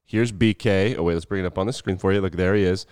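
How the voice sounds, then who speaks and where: A man's voice: low voice, quick pace, darkish tone, smooth, dry recording, clean studio sound. A man from the Rocky Mountain region hosting a sports podcast in chatty, sarcastic, emphatic casual talk. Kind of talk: casual solo podcast chat.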